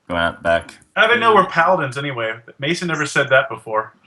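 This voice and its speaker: A man's voice: medium pitch, wildly swooping pitch, quick pace, sharp tone. A man playing a tabletop game, asking questions and thinking aloud hesitantly. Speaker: player.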